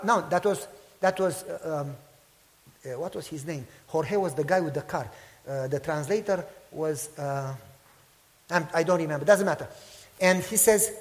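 Male pastor, high-pitched, animated loud-to-hushed delivery, echoing hall. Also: moderate pace. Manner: animated storytelling, acts out quotes, swings from loud to hushed. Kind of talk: sermon with storytelling.

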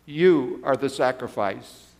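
A man voicing old Abraham, a trembling, faithful father, speaking slowly and solemnly. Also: medium pitch, gravelly, a little mellow. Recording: long hall reverb.

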